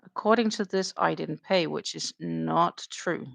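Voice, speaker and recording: Chatty woman with a gravelly voice. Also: deep voice, measured pace, dry recording. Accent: Danish. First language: Danish. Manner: chatty, dryly sarcastic, thinks aloud while counting stitches. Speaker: crochet stream host. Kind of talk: casual chat while crocheting.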